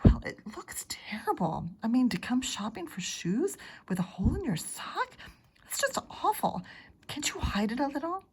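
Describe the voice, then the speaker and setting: A woman reading a storybook aloud, voicing a fussy, worrying mother who often talks in a hush. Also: mid-range voice, animated, normal speed, slightly rough, poor audio. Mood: fretting. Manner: fretting, often hushed.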